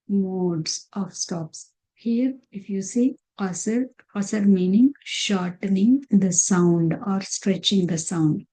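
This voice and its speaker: A woman's voice: medium pitch, dark tone, rough recording. A woman teaching a recitation lesson over slides, patiently repeating terms and counts.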